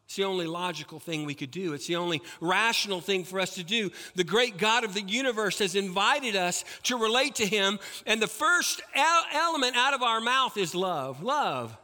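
A man preaching a sermon as a pastor, swinging between loud emphatic peaks and soft, low passages. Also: animated, moderate pace, hardly any pauses, big-room sound.

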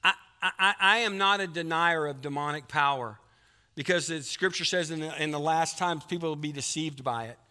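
Preacher in a reverberant hall. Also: male voice, fairly high pitch, normal speed, pushed and bright, clean tone. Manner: folksy, storytelling preacher. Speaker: pastor. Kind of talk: sermon.

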